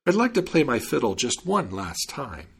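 A bold young servant speaks plainly and calmly, his husky voice moving lively up and down, as a man reads him. He sounds steady and unafraid in a storybook reading. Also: mid-range voice, moderate pace, full character voice.

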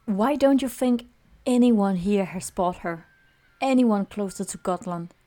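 A woman voicing an old retired male fisherman who speaks in low, ominous warnings. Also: measured pace, warm tone, soft background music, lightly acted.

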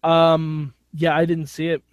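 A man's voice: a little high, monotone, a little slow, clear, resonant tone, no echo. A man co-hosting a casual wrestling chat show, sardonic and joking. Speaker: podcast co-host.

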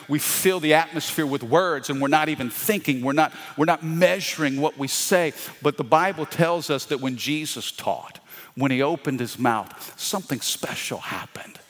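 A man's voice: mid-range voice, a bit bright. A male pastor preaching a sermon with call-and-response and folksy asides. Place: church sanctuary. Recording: long hall reverb.

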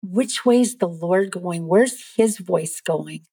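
A middle-aged woman speaking as a podcast guest, giving an earnest, lively faith testimony. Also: fairly low pitch, takes it slowly, breathy edge, dry recording.

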